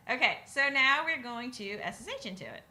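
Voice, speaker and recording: A woman's voice: a little high, bright, forceful tone. A woman co-hosting a live coding stream in casual technical chat, thinking aloud and laughing often. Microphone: desk mic at a computer. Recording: faint noise, glitchy internet audio.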